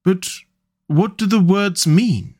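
A guy doing a tired little mole, plaintive and wondering, voice lifted higher, storybook style. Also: takes it slowly, a little mellow. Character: humble tired male mole.

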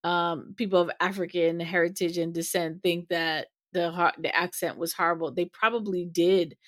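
A woman co-hosting a podcast, asking questions in a thoughtful, halting way with many pauses. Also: fairly low pitch, fairly even intonation, fairly bright tone, no echo, clean studio sound. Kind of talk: casual interview discussion.

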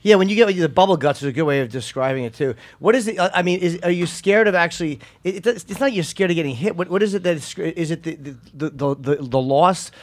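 Male podcast host, raised pitch, quick questions. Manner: quick, searching questions with restarts. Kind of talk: casual interview questions.

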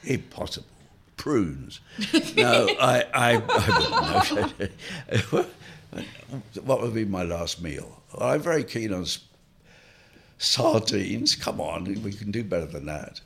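A man's voice: on the low side, sing-song, slow, vocal fry, fairly bright tone, slight background noise. An older man, an interview guest, telling wry, rambling anecdotes and chuckling through them. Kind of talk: anecdotal reminiscing.

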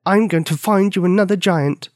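A man's voice: high voice, normal speed, no echo, clean studio sound, pitched above the performer's own voice, lightly acted. A man doing a brave, stubborn little girl. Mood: angry.

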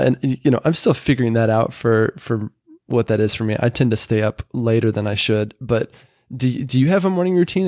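Male podcast host, relaxed chatty delivery, dry close sound. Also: lowish voice, no echo. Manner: chatty, many fillers and little laughs. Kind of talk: casual interview chat.

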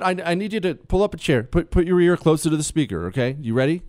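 A man hosting a talk radio show, combative and emphatic, jumping between loud outbursts and low muttered asides. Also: big pitch swings, quick pace, few pauses, no echo, clean studio sound. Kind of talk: opinionated talk radio monologue.

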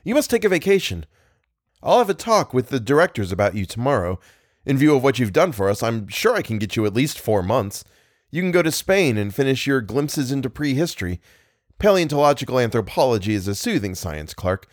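A man voicing a cordial, brisk gentleman who reassures an old friend. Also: medium pitch, very animated, no echo, studio quality. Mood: reassuring. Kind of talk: audiobook character voice.

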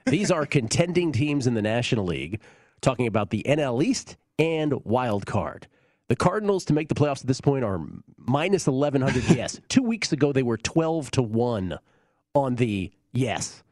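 A man's voice: medium pitch, sing-song, moderate pace, darkish tone, no echo, clean studio sound. A man hosting a sports betting show, giving blunt, confident opinions in casual talk.

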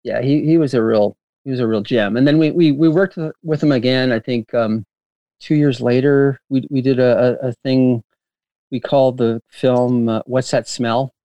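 A man telling stories as a guest in an interview, rambling and animated with frequent laughter and restarts. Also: medium pitch, normal speed, no room sound, lo-fi sound. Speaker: filmmaker guest. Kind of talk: casual interview storytelling.

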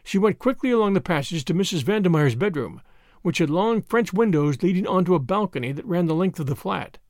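Expressive, high-voiced male storyteller. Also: fairly quick, no echo. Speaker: audiobook narrator. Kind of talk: scripted narration.

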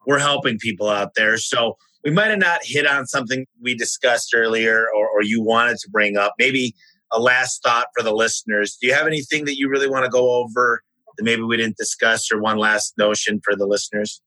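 A man's voice: medium pitch, steady tone, a little fast, bright, forceful tone, no room sound, poor audio. A man hosting a podcast, asking questions in an eager, enthusiastic way. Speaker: podcast host. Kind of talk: podcast interview.

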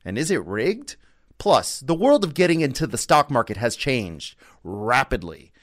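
Lively, playful male podcast host. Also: mid-range voice, unhurried. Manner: conversational, playful asides. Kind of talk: scripted podcast opening monologue.

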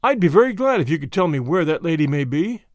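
A man's voice: on the high side, big pitch swings, fast, dry recording, clean studio sound. A man doing an oily, sneering swindler. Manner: oily, mocking. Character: burly unctuous swindler, smooth then sneering.

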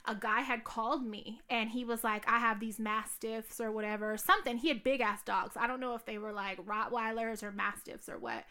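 A woman's voice: fairly high pitch, fairly even intonation, brisk, few pauses, pushed and bright. A young woman telling stories in casual, profane podcast chat, full of fillers. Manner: candid, profane, storytelling with many fillers. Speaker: podcast co-host.

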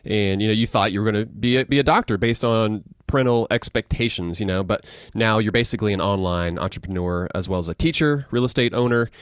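A man with a fairly low voice hosts a podcast interview. His questions ramble, and the sound is close and dry. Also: fast talker, hardly any pauses, smooth, dry recording. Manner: rambling questions with many fillers. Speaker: podcast host.

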